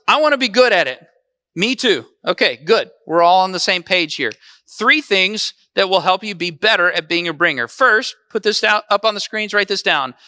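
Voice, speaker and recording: A man's voice: high-pitched, sharp tone, no echo, studio quality. A man preaching a conversational sermon as pastor, often asking the congregation questions.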